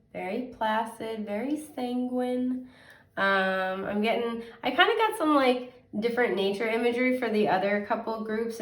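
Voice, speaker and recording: A young woman giving a casual tarot reading in a chatty, gentle way, full of fillers, a little sniffly and now and then coughing. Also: medium pitch. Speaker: tarot reader. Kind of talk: casual pick-a-card reading. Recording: echoey room, mic at a distance.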